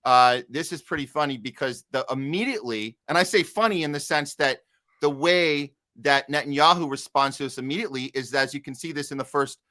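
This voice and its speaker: A man's voice: mid-range voice, a little fast, pushed and bright. A man hosting a political podcast, talking in a loose, rambling way with lots of fillers and reading out headlines. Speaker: podcast host. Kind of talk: casual political commentary.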